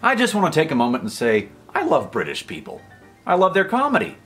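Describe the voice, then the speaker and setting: A man's voice: on the high side, huge pitch swings, a little fast, fairly bright tone, faint music behind. An American man giving a comedic vlog monologue, rambling and over-the-top, often stopping himself mid-sentence. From United States. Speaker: YouTube commentator.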